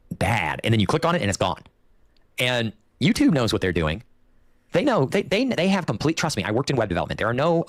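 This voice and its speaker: A man's voice: fairly low pitch, dry recording, clean studio sound. A man speaking in a clip, complaining casually in a rambling way with many restarts.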